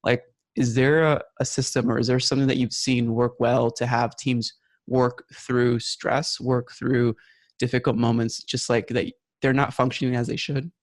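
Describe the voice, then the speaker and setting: A man's voice: mid-range voice, flat delivery, moderate pace. A man hosting an interview, affirming his guest and asking reflective follow-up questions. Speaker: podcast host. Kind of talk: interview conversation.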